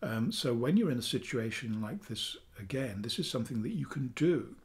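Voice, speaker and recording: A man, a therapist calmly teaching a self-help technique in a chatty video, with fillers, dropping softly for affirmations. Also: medium pitch, moderate pace. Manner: calm, chatty explaining with fillers, softening to near-whispers for affirmations. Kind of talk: talking-head teaching video.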